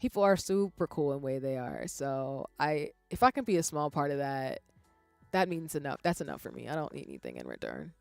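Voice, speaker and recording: A woman streamer chatting casually with her viewers, expressive and swinging from soft-spoken to loud exclamations. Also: low voice, fairly quick, creaky, no echo, faint music behind.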